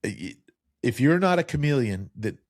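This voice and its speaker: A talkative man in his fifties with a faint New Jersey accent, hosting a relaxed podcast chat at an ordinary pitch. He rambles through stories and restarts his sentences often. The sound is close and dry, with no room in it. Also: normal speed, dry recording. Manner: rambling storyteller, many restarts. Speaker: podcast host. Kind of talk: casual interview chat.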